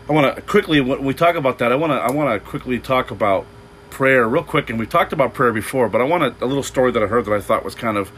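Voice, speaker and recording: A man's voice: mid-range voice, fairly bright tone, a little hiss or hum, rough recording. Rambling preacher man, loose restarts. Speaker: pastor. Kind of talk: unscripted sermon.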